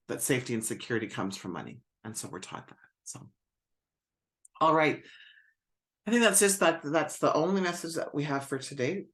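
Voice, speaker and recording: A woman coaching a live online group, often asking reflective questions, trailing off with "right?" and searching for words as she goes. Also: a bass voice. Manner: encouraging, searching for words, asks many rhetorical questions; often adds a soft "right?" after points. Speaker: spiritual business coach. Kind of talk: live-stream coaching talk.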